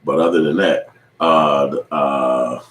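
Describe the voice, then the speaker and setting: Deep-voiced man in casual profane recap. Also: fairly even intonation, takes it slowly, fairly bright tone, distant mic. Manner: profane, loose storytelling with acted quotes. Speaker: online show host. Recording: echoey room with faint ambient noise.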